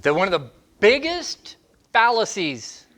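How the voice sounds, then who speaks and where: A man's voice: high voice, very animated, measured pace, a bit bright. A man working as a dog trainer, answering questions on a show, emphatic and acting out training steps in short bursts. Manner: emphatic, demonstrates scenes in short fragments. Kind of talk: Q&A advice segment.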